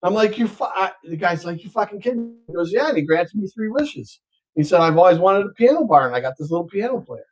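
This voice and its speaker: A man's voice: sits high, very animated, fast talker, faint music behind, low-quality recording. An older man, a co-host, telling a long profane joke in casual chat and acting out the characters' voices.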